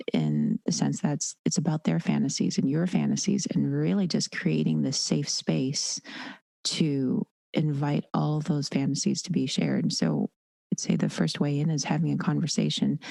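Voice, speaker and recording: A woman with a deep, gravelly and warm voice talks as an interview guest. She is animated and keeps slipping into quoted voices. The room sounds dry and close. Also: no room sound. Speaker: dominatrix and educator guest. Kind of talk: casual podcast interview.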